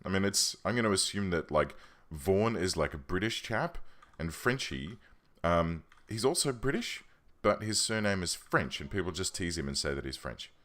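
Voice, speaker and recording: Low-voiced, lively gaming commentator man. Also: moderate pace. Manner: chatty, thinking aloud, self-correcting. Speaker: let's play host. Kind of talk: casual game commentary. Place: home room.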